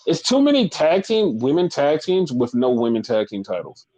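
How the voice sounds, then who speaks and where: A man's voice: on the high side, sing-song, normal speed, warm tone, rough recording. Male podcast host, casual, blunt and swearing, rambles on. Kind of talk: casual wrestling recap chat.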